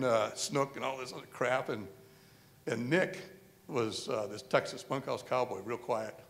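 A man stands before a convention crowd and tells a long war story in a relaxed, folksy way. He rambles, fills gaps with "uh" and "you know," and acts out the other men's lines in his own voice. His pitch sits in the middle. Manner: folksy, rambling with many fillers. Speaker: convention speaker. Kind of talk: storytelling speech. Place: convention hall.

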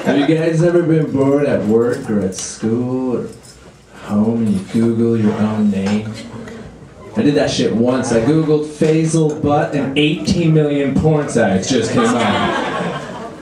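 A man's voice: medium pitch, slow, darkish tone. A man in his thirties from Canada, doing a crude, self-deprecating stand-up comedy set on a club stage. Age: 30s. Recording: echoey comedy club with audience noise.

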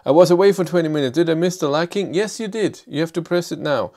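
A middle-aged man with a German accent hosting a live stream. He answers viewer comments in a casual, halting way, with many fillers and restarts, and reads chat questions aloud. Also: on the high side, a little mellow. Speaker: livestream host.

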